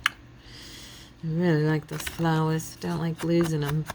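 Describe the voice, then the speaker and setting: A woman chats to her viewers while crafting at home, thinking aloud in a relaxed, self-deprecating way. Her voice sits low with a gravelly fry. A faint hiss runs behind her. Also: takes it slowly. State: yawning, relaxed. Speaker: craft channel host. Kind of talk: casual crafting chat to viewers.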